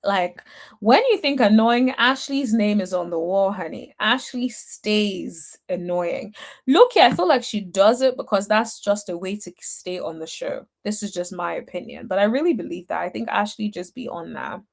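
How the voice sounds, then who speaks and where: A woman's voice: medium pitch, animated, normal speed, creaky. A young adult woman hosting a casual reality TV recap, chatty and sassy, answering viewers' comments with lots of fillers. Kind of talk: casual chat reading live comments.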